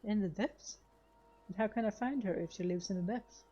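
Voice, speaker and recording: An inquisitive fairy heroine, read aloud by a woman streamer in a warm, mellow voice. She asks question after question in an even, plain delivery. Light game music runs under her. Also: mid-range voice, normal speed, slightly rough, lo-fi sound, close to an everyday voice. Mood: curious.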